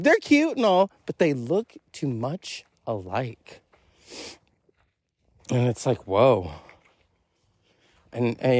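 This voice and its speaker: A man's voice: mid-range voice, darkish tone, no echo. A man rambling through a casual, self-recorded solo monologue, chuckling often and swearing freely. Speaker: podcast host. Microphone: self-recorded voice message.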